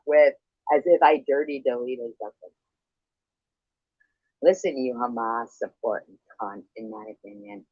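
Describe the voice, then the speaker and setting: A man's voice: medium pitch, lively intonation, unhurried, creaky, long pauses, no echo. A man in a heated livestream argument, hostile, profane and accusing. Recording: dull lo-fi stream audio.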